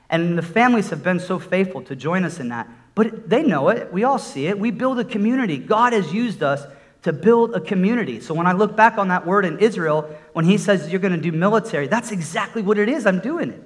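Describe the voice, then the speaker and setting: A man's voice: high-pitched, expressive, a little fast, a bit bright. A middle-aged man preaching a sermon, telling a personal testimony in an earnest storytelling way that builds into emphatic exhortation.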